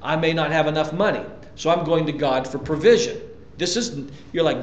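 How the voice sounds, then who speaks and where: A man preaching a sermon as pastor, emphatic, repeating key lines and jumping up in pitch to drive points home. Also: moderate pace. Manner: emphatic preaching, sudden pitch jumps and repetitions. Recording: echoey church room, dull lo-fi sound.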